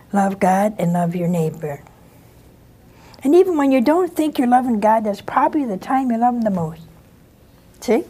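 An older nun giving an informal, homey spiritual talk, telling stories with blunt asides. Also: female voice, on the high side, mellow, husky. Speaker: nun and TV host.

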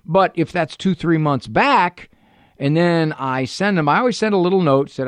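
A man's voice: fairly high pitch, moderate pace, no room sound. A man hosting a psychology call-in radio show from a studio, chatting casually with dry humor and personal anecdotes. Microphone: studio mic.

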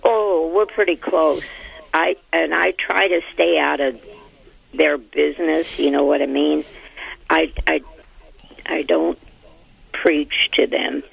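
An older woman with grandchildren calling into a radio show, speaking slowly and hesitantly with a gravelly, husky voice over a phone line. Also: sits low, steady tone. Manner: hesitant, slow, halting. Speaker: caller. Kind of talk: phone-in question.

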